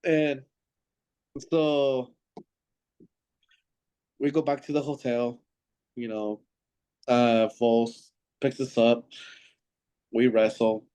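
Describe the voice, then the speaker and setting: A man's voice: mid-range voice, flat delivery, extremely slow, pauses often, mellow, clean tone. A man from Seattle, a professional wrestler guest, telling rambling anecdotes in a casual interview and acting out quoted dialogue with lots of fillers. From Seattle, USA.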